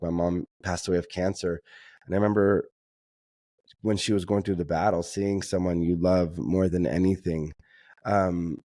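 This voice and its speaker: A man with a very low voice talks earnestly and reflectively as a guest in an interview. His delivery is heartfelt, with frequent restarts and repeated words as he searches for what to say. The recording is close and dry. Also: dark tone, no echo. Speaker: guest speaker.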